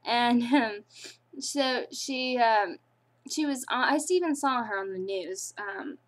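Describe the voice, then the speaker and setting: Giggly high-voiced teenage girl. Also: slow pace. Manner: giggly, breaks into laughter often; rambling, with many fillers and restarts. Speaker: vlogger. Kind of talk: casual storytelling.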